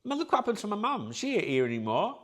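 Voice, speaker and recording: A man's voice: sits high, huge pitch swings, rapid-fire. A middle-aged man, hosting his own channel and talking bluntly and candidly to his viewers, sweary and rambling. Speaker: channel host.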